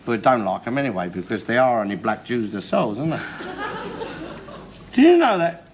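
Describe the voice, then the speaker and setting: An actor playing a bigoted, ranting middle-aged working-class man in a 1970s television sitcom, loud and blustering and swearing constantly. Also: medium pitch, big pitch swings, a little fast. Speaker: sitcom character. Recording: hissy old television recording.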